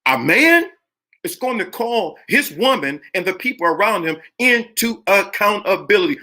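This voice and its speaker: A man's voice: sits high, big pitch swings, moderate pace, sharp tone. A middle-aged man hosting a live motivational talk to viewers, preachy and emphatic, and he repeats lines to drive his point home. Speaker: live stream host.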